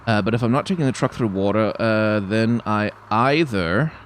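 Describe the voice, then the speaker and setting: A man's voice: lowish voice, moderate pace, slight background noise. A man with a light Danish accent giving casual gameplay commentary, thinking aloud and reading tutorial text as he goes. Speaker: YouTuber playing a driving game.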